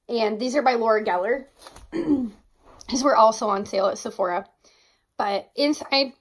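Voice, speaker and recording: Enthusiastic young female beauty vlogger, gushy and chatty, mid-range pitch. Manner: gushing, enthusiastic, exclaims often. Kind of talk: casual product review.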